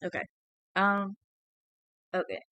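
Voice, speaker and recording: Candid story reader, bright tone, dry close sound, apologetic. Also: mid-range voice, very animated, slow, dry recording. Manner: chatty, apologetic, candid asides. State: feeling unwell. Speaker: fan fiction reader. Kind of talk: reading a story aloud to viewers.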